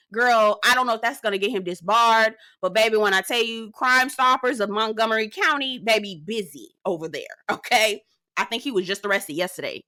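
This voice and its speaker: Bright, sassy woman recapping reality TV. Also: medium pitch, dry recording, clean studio sound. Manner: sassy, outspoken, profane; animated, gossipy storytelling. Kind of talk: casual commentary.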